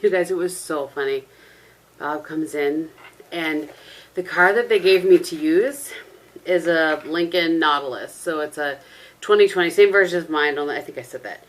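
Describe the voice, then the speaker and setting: A middle-aged woman vlogs casually at home, chatting to a camera propped on a tissue box, rambling through stories and laughing often. Her voice sits low and her speed is normal.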